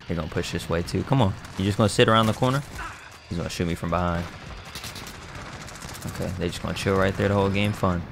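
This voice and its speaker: A man commentating his own online shooter matches in casual slang, excitable, trash-talking other players and bursting into shouts. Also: deep voice, quick pace, gravelly, pauses often, noisy background. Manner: casual slang-heavy banter. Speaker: gaming YouTuber. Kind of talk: live gameplay commentary.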